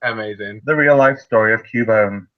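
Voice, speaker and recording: A man co-hosting a casual roundtable chat, animated and joking, swearing often. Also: on the low side, normal speed, narrow, tinny audio. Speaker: podcast co-host.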